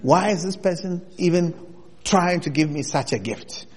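A man preaching a sermon in an animated way, rising to loud bursts as he presses his points. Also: a little high, normal speed, slightly rough. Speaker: pastor. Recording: long hall reverb.

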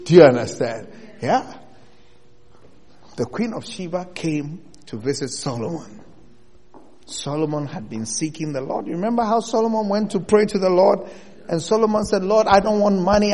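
A man preaching a sermon in an animated way, rising to loud bursts as he presses his points. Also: high voice, moderate pace. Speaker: pastor. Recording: long hall reverb.

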